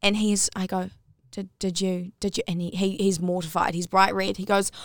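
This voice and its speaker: A woman's voice: mid-range voice, flat delivery, moderate pace, no room sound, studio quality. A woman co-hosting a podcast, telling a personal story in casual chat and rising to squeals at the big moments. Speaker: podcast co-host.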